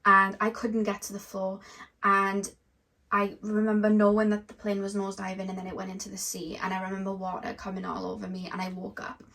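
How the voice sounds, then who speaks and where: A woman's voice: medium pitch, fairly quick. A woman giving a casual, rambling tarot card reading to her viewers. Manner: rambling and animated, filler-heavy. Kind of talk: casual spiritual reading to camera.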